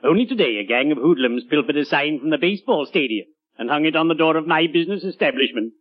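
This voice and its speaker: Brief: mournful, unctuous undertaker, swooping melodic delivery, muffled old radio sound. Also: male voice, a little high, lively intonation, quick pace. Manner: lugubrious, overly formal and unctuous. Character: gloomy, oily middle-aged male undertaker. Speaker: undertaker neighbor. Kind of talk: 1940s radio sitcom acting.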